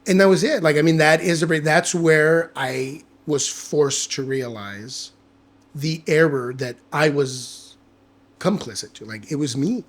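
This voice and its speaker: A man guest on a podcast, telling a personal story in casual chat, candid and animated, swearing freely and acting out the dialogue he quotes. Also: fairly high pitch, a little slow.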